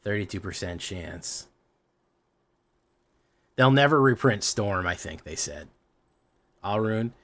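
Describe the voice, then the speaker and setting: Low-voiced man ranting on a game stream. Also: lively intonation, slow, long pauses, fairly bright tone. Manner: frequent fillers and restarts, gets heated and swears. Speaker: streamer playing a card game. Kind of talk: casual livestream rant.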